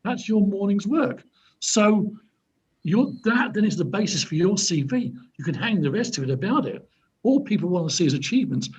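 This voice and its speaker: Husky man giving lively advice. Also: sits high, moderate pace. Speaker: career mentor. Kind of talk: advice in an online mentoring session. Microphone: video call. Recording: dull video call audio.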